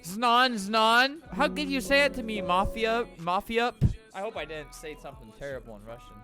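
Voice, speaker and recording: A man giving excitable gameplay commentary, yelling at other players and tossing out quick jokey asides. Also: high-pitched. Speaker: gaming video creator. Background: faint game music.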